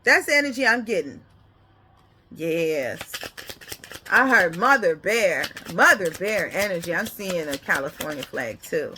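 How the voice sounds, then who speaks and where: Bright-voiced woman giving a casual spiritual reading. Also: on the low side, expressive, unhurried, a little hiss or hum. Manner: rambling, keeps checking in with "okay?"; laughs often. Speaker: spiritual card reader.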